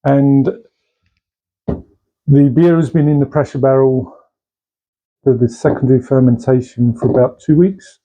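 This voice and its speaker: A man chatting casually as he brews and pours his own beer in a home bar shed, relaxed and asking tag questions. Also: mid-range voice, a little slow, long pauses, low-quality recording. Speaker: home brewer. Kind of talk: casual how-to chat. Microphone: camera mic, held by a helper.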